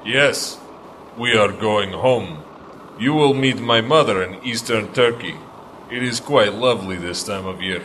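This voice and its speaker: Low slow stiff butler-type goon, music under. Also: male voice, slight background noise. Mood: formal. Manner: stiff, polite, flat. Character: stiff, formal henchman doorman.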